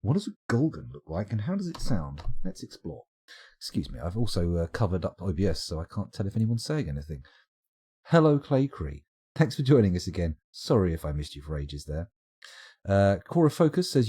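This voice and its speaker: A man's voice: deep voice, big pitch swings, moderate pace, warm tone, breathy edge. A man casually commenting on his game during a live stream, joking, rambling and reading out chat messages. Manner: jokey, rambling, reads chat aloud.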